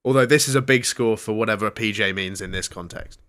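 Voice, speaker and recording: A man's voice: on the low side, fast, a bit bright. A man hosting a comedy radio show, reading mock news in a jokey newsreader manner. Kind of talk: comedic retro radio banter.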